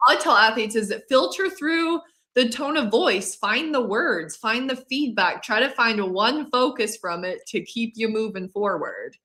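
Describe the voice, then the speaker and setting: A woman's voice: a little high, lively intonation, unhurried, bright, forceful tone. A woman who is a mental performance coach, a podcast guest explaining her advice and often checking in with "right?". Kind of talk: casual podcast interview.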